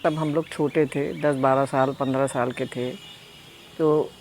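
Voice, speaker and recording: An elderly man in his eighties, recalling his family history in a rapid, matter-of-fact way. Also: medium pitch, fairly even intonation, darkish tone, a little hiss or hum. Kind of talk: personal recollection.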